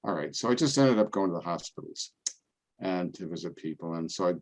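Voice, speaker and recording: An older man, a priest, giving a relaxed, conversational talk full of homely anecdotes and playful voices for the people in them. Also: low voice, brisk. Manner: folksy storytelling, acts out other people's voices. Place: parish event, indoors.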